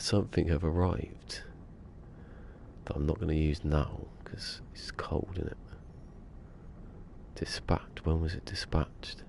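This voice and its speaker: A man's voice: a bass voice, steady tone, measured pace, gravelly, pauses often, a little mellow, slight background noise. A man streaming a game from a small room at home, sniffly with a cold, rambling and joking to himself in casual chatter. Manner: rambling, jokey self-talk.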